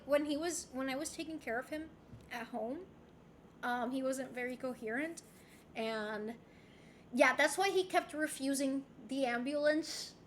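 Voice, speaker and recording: A woman's voice: high-pitched, slight background noise. A young woman streamer chatting candidly with her chat from home, swearing freely and rambling with restarts. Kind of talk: casual chat.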